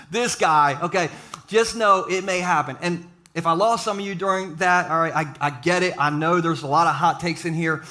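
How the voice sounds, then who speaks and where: A man preaching a sermon to a live church audience, mixing jokes and quick asides with his encouragement. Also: high-pitched, sharp tone. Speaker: pastor.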